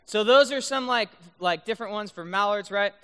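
Youth speaker, male, high and bright voice, playful, keeps asking "right?", long hall reverb. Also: brisk, smooth. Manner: playful, keeps checking in with the audience. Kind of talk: youth talk with duck call demos. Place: large room full of high schoolers.

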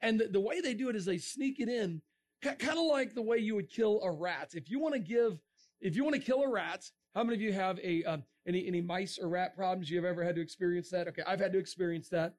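A middle-aged man giving a lively creationist talk to a young audience, joking and asking the crowd questions. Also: high-pitched, fast. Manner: animated, asks the crowd questions, jokes. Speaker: creationist speaker.

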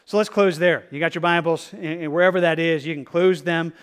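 A male pastor delivering a sermon in a somewhat high voice. He speaks earnestly and repeats his points. At times his delivery sinks to a soft, gentle hush. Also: fairly even intonation, fairly quick, clean tone. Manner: earnest, repetitive, drops to soft tones for quoted prayer.

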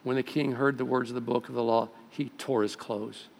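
A man's voice: steady tone, fairly quick, vocal fry. Man preaching in an echoing hall. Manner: preaching with sudden rises in volume and pitch. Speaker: pastor. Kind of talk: sermon. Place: church sanctuary. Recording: long hall reverb.

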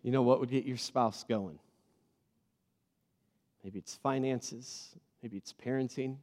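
A man in his thirties preaching a sermon to a congregation, earnest and personal, swinging between loud emphatic bursts and soft, quiet moments. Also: medium pitch, steady tone, takes it slowly. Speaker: pastor. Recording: long hall reverb.

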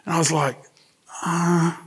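A middle-aged New man preaching in a voice pitched a little high for a man. He talks earnestly and conversationally, mixing scripture with a personal story and checking in with his listeners as he goes. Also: normal speed, a little hiss or hum. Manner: conversational, earnest, asks the congregation questions. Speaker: pastor.

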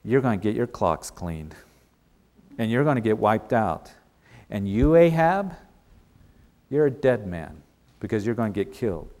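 A preacher voicing a stern male prophet who bluntly foretells doom, in a low, hushed, grave tone. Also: expressive, a little slow, pauses often. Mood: grim warning.

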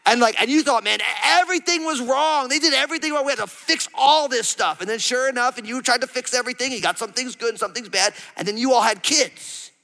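A man's voice: extremely high pitch, fast, gravelly, few pauses, sharp tone. A man in his thirties preaching a sermon, playful and conversational, asking his congregation questions and acting out quotes. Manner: playful, acts out quotes, asks the crowd. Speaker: pastor. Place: large church hall. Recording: reverberant church hall.

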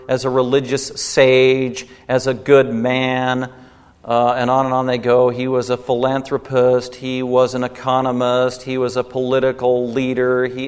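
A man's voice: mid-range voice, clear, resonant tone. A man preaching a sermon in an emphatic style, his stresses rising and swelling. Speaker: pastor. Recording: long hall reverb.

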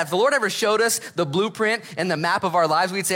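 A middle-aged man preaching a sermon as pastor, reading scripture and telling stories with lively acted voices. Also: high-pitched, fast talker, hardly any pauses. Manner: animated storytelling with acted voices.

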